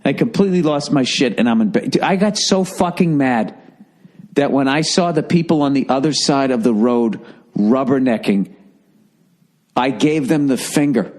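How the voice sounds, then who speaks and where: A man's voice: medium pitch, moderate pace. A middle-aged man hosting a podcast, telling a comic story in a profane, exasperated rant with a Boston accent. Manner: profane, exasperated, animated ranting. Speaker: podcast host.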